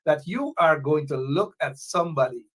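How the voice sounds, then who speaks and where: A woman with a husky voice, speaking in an animated, indignant commentary. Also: low voice, moderate pace. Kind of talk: casual commentary.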